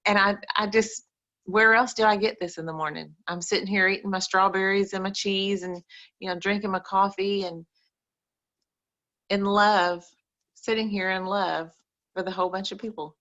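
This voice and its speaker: A woman's voice: medium pitch, steady tone, moderate pace, sharp tone, lo-fi sound. A woman, speaking earnestly and emotionally to a group on a video call. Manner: emotional, earnest, repetitive phrasing. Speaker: call participant. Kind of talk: heartfelt group-call testimony.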